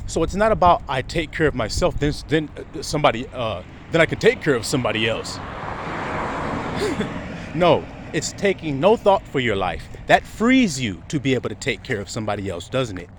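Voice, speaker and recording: A man's voice: medium pitch, very animated, normal speed, a little hiss or hum. A man preaching a sermon to his flock, asking rhetorical questions and chuckling often.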